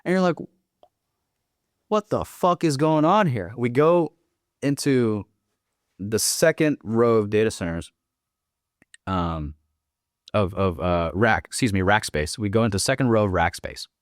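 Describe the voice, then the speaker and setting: A man's voice: on the low side, animated, a little slow, pauses often, no room sound, studio quality. A young man telling a war story as a podcast guest, swearing freely and acting out quoted dialogue. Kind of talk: casual storytelling.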